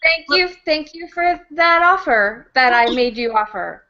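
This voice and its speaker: A woman co-hosting a book club on a video call, giggly and lively. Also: sits high, a little slow. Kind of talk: casual video-call chat. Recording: dull lo-fi webcam call audio.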